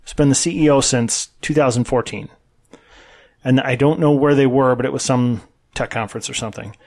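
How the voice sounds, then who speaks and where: A man's voice: mid-range voice, steady tone, fairly quick, darkish tone. A man co-hosting a podcast in casual chat, blunt and opinionated, swearing freely. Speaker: podcast co-host.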